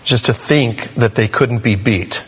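A man's voice: measured pace, a bit bright, slightly rough. Man teaching scripture in a reverberant hall. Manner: conversational, acts out quoted voices with pitch jumps. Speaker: pastor. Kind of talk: expository Bible teaching.

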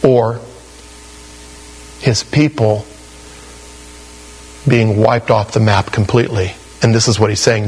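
A man's voice: on the low side, fairly even intonation, slow, pauses often, darkish tone, slightly rough, low-quality recording. A male pastor preaching an expository sermon in a conversational, emphatic way, often saying "you know". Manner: conversational and emphatic, with frequent 'you know'.

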